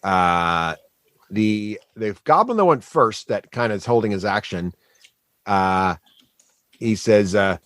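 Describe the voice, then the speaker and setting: Lively man running a tabletop game. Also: fairly low pitch, slow, dry recording. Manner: animated, laughing narration with sound effects. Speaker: game master.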